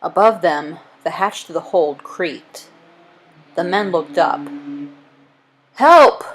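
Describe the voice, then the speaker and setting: A woman reading a chapter book aloud as narrator, in a clear, lively way. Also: on the low side, takes it slowly, low-quality recording. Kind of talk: storybook read-aloud.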